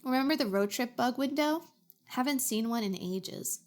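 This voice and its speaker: A woman's voice: high voice, animated, normal speed. A young adult woman streamer from Canada, chatting playfully and reacting to her chat. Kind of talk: casual chat.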